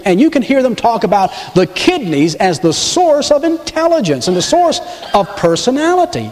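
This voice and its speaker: A man preaching a sermon, animated, with dramatic pauses and big swings in his voice. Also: high-pitched, big-room sound. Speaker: pastor.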